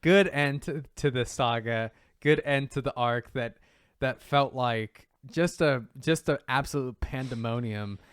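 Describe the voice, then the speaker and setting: A man's voice: mid-range voice, unhurried, clean tone, no echo, clean studio sound. A man co-hosting a casual manga podcast, talking animatedly and jumping into character lines in a raised voice. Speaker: podcast co-host. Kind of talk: casual chat reviewing manga.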